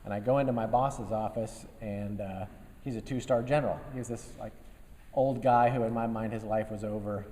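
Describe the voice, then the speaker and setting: A man in his fifties, an army general, giving a relaxed after-lunch speech to a business group, telling folksy stories with dry humor and many fillers. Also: on the low side, moderate pace. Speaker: guest speaker, army general. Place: meeting room before a live audience. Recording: long reverb of a meeting hall.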